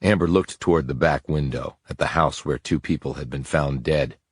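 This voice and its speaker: A man softly whispering his way through a crime audiobook. His voice is extremely low and husky, recorded dry and close. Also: moderate pace, no room sound. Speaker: audiobook narrator. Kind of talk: whispered narration.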